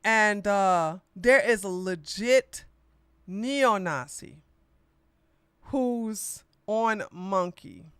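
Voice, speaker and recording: A woman's voice: medium pitch, lively intonation, extremely slow, fairly bright tone, clean tone, no room sound, clean studio sound. A woman hosting a political podcast, talking in a blunt, sassy, mocking way with lots of slang. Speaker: podcast host. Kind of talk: casual political commentary.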